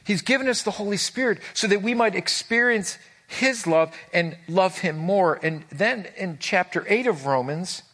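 A man's voice: high voice, expressive, moderate pace, a bit bright. A man preaching a sermon to a live congregation, earnest and emphatic, rising on key words and stumbling over repeated words when moved. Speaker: pastor. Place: before a live congregation with a screen.

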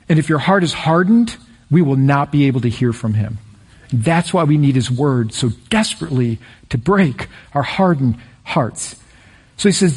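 A man with a high, husky voice preaches a sermon from the pulpit. His delivery is energetic and climbs to excited peaks before settling back down. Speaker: pastor.

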